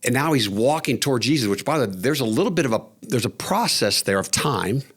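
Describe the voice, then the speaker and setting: A podcast co-host talks casually about faith, retelling scenes in a vivid, animated way. His voice is medium-pitched, quick and slightly rough, and it rises when he gets excited.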